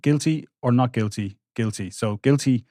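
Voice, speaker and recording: A man, a court reporter recounting trial testimony on a podcast with halting restarts. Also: medium pitch, warm tone, dry recording, studio quality. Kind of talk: podcast discussion.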